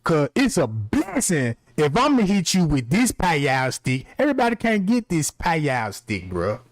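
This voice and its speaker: A man with a high, country-sounding voice rants brashly and profanely on his stream. His pitch leaps around constantly. The sound is dry and close. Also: huge pitch swings, a little slow, dry recording. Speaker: livestream host. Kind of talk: casual ranting commentary.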